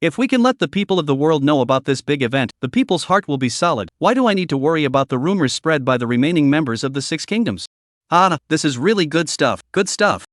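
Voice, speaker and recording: A man voicing an excitable middle-aged male emperor, exclaiming, in a scripted story narration. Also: a little high, fast talker, no echo, studio quality, lightly acted. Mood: excited.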